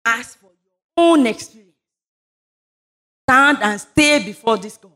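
High-voiced woman preaching fervently. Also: lively intonation, measured pace, long pauses. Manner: fervent, rising into loud declarations during prayer. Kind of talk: sermon with prayer.

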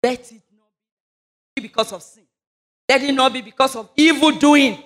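A high-pitched woman preaches a sermon, moving between scripture reading and fervent prayer. Her voice sits well above the usual range, and her declarations ring with conviction. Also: normal speed. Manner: fervent, rising into loud declarations during prayer.

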